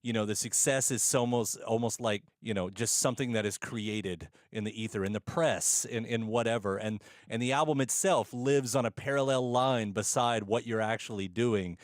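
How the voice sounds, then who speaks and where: A man hosting a conversational interview, recorded dry and close. He builds his questions slowly, restarting and circling before he lands them. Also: on the low side, no echo. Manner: thoughtful, halting questions with many restarts. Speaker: podcast host, interviewer.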